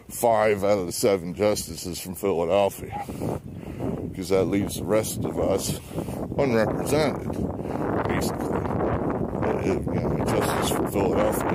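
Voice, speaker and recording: A political vlogger with a low voice rambles through blunt commentary full of swearing and fillers while walking around his neighborhood outdoors. Slightly out of breath, he records on a handheld phone, and the audio is very noisy.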